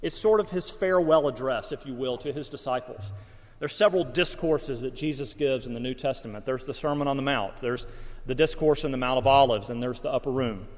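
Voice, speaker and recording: A man's voice: mid-range voice, a little fast, in a large hall. A man preaching a sermon as pastor, mixing folksy stories and self-deprecating humor with Bible teaching.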